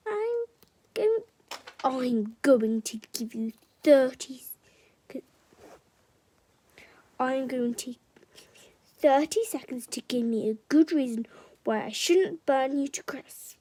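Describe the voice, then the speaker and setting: A woman doing a huge booming dragon. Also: very animated, slow pace, long pauses, no echo, exaggerated voice. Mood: threatening. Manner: loud and booming. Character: huge bellowing male dragon, threatening.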